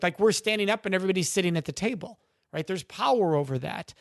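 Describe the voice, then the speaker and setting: A man hosting a podcast interview, asking questions with enthusiasm and warm appreciation. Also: high-pitched, animated, quick pace, dry recording, studio quality. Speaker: podcast host.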